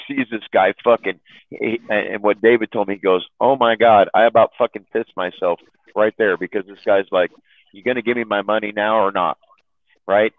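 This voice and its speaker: A man's voice: on the low side, no echo. A man telling a long profane story in casual chat, rambling and laughing at his own jokes. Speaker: chat room host telling stories. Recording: dry, phone-like audio.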